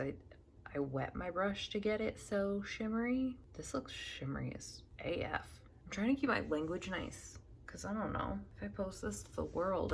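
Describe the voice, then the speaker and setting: A woman's voice: low voice, vocal fry, slight background noise. A young woman chatting casually while doing her makeup, rambling with lots of fillers and asides. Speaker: makeup vlogger.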